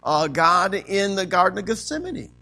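Male pastor, sermon, call-and-response, high voice, gravelly edge. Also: sing-song, moderate pace, bright, forceful tone. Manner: preaching call-and-response, frequent amens.

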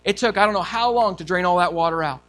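A male pastor preaching a sermon, telling a story in an animated way and acting out quotes and sounds. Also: sits high, fast, soft background music.

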